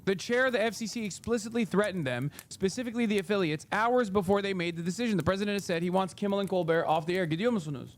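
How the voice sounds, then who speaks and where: Furious high-voiced male streamer. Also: fast talker, hardly any pauses. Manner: heated, profane, repeating phrases for emphasis. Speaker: streamer host. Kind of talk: angry live-stream rant.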